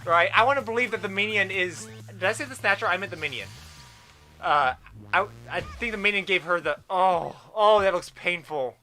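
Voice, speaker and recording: A man with a high, very bright, sharp-edged voice, talking through a game in excited commentary. He reads the game's lines aloud, then breaks off into animated, gushing theories. Soft game music plays underneath. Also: normal speed. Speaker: let's play gamer.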